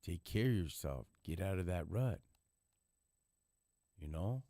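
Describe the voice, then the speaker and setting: A man's voice: sits low, animated, a little slow, mellow, no echo, clean studio sound. A man hosting a live stream, talking in casual, blunt street slang and lecturing at times. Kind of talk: casual chat.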